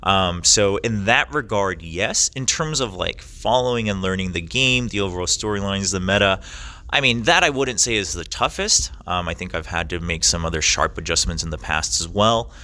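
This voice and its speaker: A man's voice: low voice, normal speed, bright, forceful tone. A young man, an esports caster, answering interview questions thoughtfully with many fillers and restarts.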